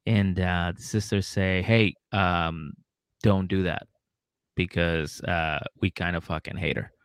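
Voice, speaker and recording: A man co-hosting a casual comedy podcast, laughing a lot and acting out people's lines in quick put-on voices. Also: low voice, fairly even intonation, clear, resonant tone, no room sound, clean studio sound. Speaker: podcast co-host recapping a reality show.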